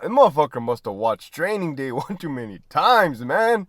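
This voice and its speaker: Animated, profane man telling stories. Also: fairly high pitch, normal speed, dry recording, clean studio sound. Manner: profane, laughs often mid-sentence; animated, asks "right?" constantly. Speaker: former prison guard telling stories. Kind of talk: casual storytelling.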